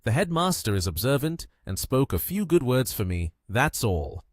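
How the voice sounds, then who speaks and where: Mężczyzna jako podekscytowany młody szczęściarz. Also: male voice, medium pitch, very animated, normal speed, dry recording, studio quality. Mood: excited. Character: cheerful, lucky young man.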